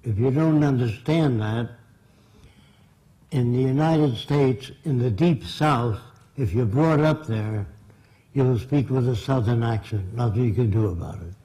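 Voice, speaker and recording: A man's voice: mid-range voice, unhurried, dark tone, low-quality recording. A man giving a public lecture in a blunt, emphatic and direct way.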